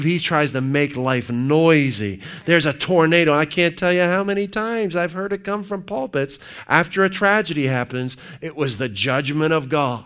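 A man preaching a sermon, asking his congregation questions and shifting from loud, emphatic reading of scripture to low, quiet asides.

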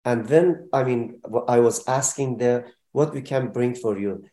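Guy telling his story slow and halting, lots of uhs, warm low tone, echoey room. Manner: halting speech with many fillers and restarts. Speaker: guest describing relief work. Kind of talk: emotional personal testimony. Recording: roomy echo.

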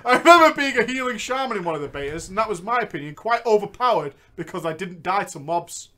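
A man's voice: sits high, lively intonation, quick pace, pushed and bright. A man telling a gaming story in a giggly, bantering comedy chat. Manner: giggly, banters between lines. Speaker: podcast host reading a story.

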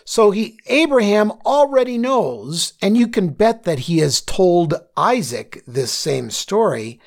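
Man, Bible study teacher, slow unhurried delivery, gravelly voice, instructive, keeps checking in with "okay?". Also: sits high, very animated. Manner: has listeners underline and circle words.

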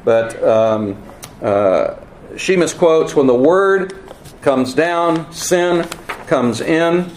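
A man preaching a teaching sermon, earnest and emphatic, with wry asides and halting repeats. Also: fairly high pitch, expressive, slight background noise. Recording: roomy echo, faint ambience.

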